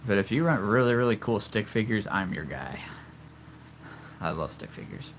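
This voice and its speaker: Young guy from the middle of the us rambling on a stream, lowish voice, faint hum behind. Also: sing-song, normal speed. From central United States. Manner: enthusiastic, chatty, laughs easily. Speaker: livestream host. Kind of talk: casual livestream chat.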